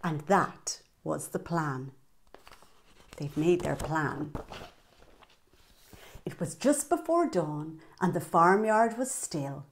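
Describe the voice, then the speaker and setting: A woman reads a picture book to young children at an unhurried pace. Her voice swoops up and down in an animated, sing-song way as she points out what is happening in the pictures. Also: fairly low pitch. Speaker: children's storyteller.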